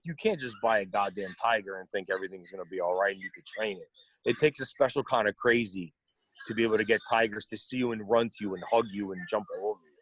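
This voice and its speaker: Man, podcast co-host, blunt, profane, loud laughter, dry room. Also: on the low side, no echo. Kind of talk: casual podcast chat.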